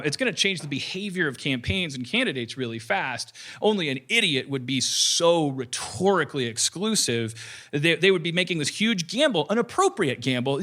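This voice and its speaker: A man hosting a podcast in casual talk, rambling and animated, swearing freely and joking between points. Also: fairly high pitch. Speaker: podcast host.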